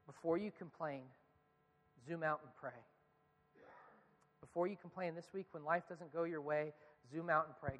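A pastor preaches with a high, earnest voice, putting question after question to his congregation. His words ring out in a long reverb, as if through a large church. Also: steady tone, moderate pace, pauses often, fairly bright tone. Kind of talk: sermon.

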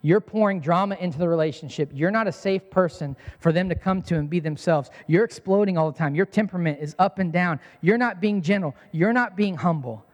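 A man's voice: high voice, fairly quick, hardly any pauses. A man in his thirties preaching a sermon as a pastor, earnest and emphatic, repeating his key lines. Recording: long hall reverb.

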